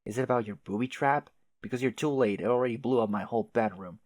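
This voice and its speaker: A man's voice: mid-range voice, fast, darkish tone, dry recording. A man reading a webcomic aloud in a casual way, with swearing asides and laughs. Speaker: webcomic reader. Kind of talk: casual read-aloud with reactions.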